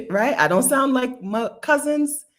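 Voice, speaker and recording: Host, woman in her fifties from Delaware; emphatic casual commentary, lively swooping pitch, laughs often. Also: takes it slowly. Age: 50s.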